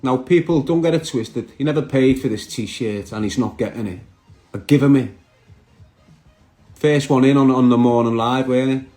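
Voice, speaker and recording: A man's voice: mid-range voice, normal speed, a little mellow, faint music behind. A man, chatting brashly on a live stream and answering viewer comments. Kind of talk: casual live stream chat.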